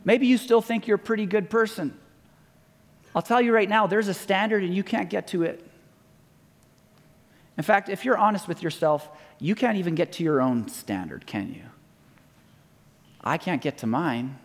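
A man with a high voice preaches a sermon, retelling stories casually and putting on quick voices for the people in them. His words ring out with a long reverb, as in a church sanctuary. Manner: conversational storytelling, acting out quoted voices. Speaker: pastor.

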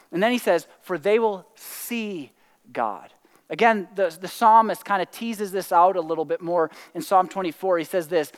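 This pastor's high voice comes across smooth, with a big-room sound around it. His sermon is casual and conversational, packed with "like" and "right?", broken now and then by excited whoops.

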